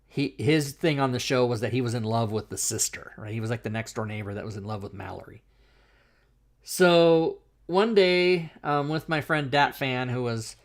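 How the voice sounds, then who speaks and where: Middle-aged man telling a profane story. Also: mid-range voice. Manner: animated, profane anecdote-telling with fillers. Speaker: talk show host. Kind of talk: casual storytelling chat.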